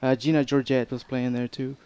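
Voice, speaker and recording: A man interviewed as a photographer, who talks fast and fills his speech with pauses and fillers. His voice is smooth and clear at a middle pitch. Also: level tone, warm tone. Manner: hesitant, filler-heavy, rambling. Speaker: guest photographer. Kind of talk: casual interview chat.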